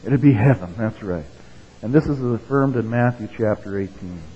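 A man's voice: lowish voice, moderate pace, warm tone, breathy edge. A man preaching a sermon in a casual, conversational way, reading quotations with rising emphasis and checking in with the listeners. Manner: conversational preaching, tag questions like okay and right. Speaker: pastor. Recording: dull, reverberant hall sound.

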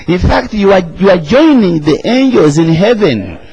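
A man's voice: sits high, expressive, moderate pace, darkish tone, lo-fi sound. A man, preaching an emphatic sermon and calling the congregation to answer back. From Uganda. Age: 40s.

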